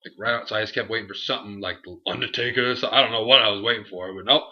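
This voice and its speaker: A young man co-hosting a casual review chat, animated and laughing, acting out what others said. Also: fairly low pitch, rapid-fire. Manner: animated, acts out quotes, laughs often. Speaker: show co-host. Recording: dull lo-fi home recording.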